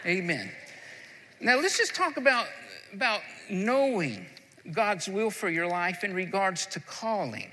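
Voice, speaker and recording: A man's voice: high-pitched, sing-song, unhurried, pushed and bright, a little hiss or hum. A man preaching a sermon, building to fervent, emphatic delivery. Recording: long hall reverb.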